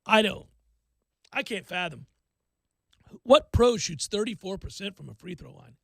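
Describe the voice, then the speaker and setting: A man hosting a sports talk radio show, excitable and animated, acting out quotes and laughing often. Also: high-pitched, unhurried, vocal fry, dry recording.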